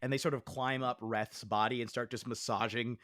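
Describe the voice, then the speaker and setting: Lively man narrating a tabletop game. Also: medium pitch, normal speed, no echo, clean studio sound. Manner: lively, filler-heavy narration. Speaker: dungeon master.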